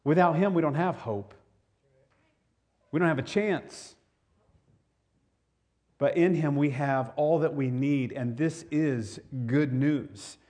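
A man's voice: a little high, slow pace, pauses often, darkish tone. A male pastor preaching a sermon to his congregation in a conversational way, often repeating words and asking the listeners questions.

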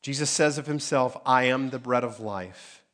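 A male pastor preaching a sermon, landing on key phrases with emphatic pauses. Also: mid-range voice, a bit bright. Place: church sanctuary.

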